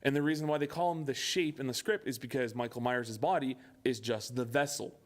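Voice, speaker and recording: A man's voice: medium pitch, a little fast. A young man co-hosting a podcast in casual chat, swearing often and acting out movie lines. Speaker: podcast co-host.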